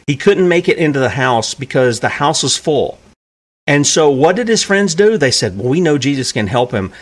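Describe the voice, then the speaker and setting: A man's voice: a little high, lively intonation, normal speed. A man preaching a sermon who asks his listeners rhetorical questions and acts out the characters in the stories he tells.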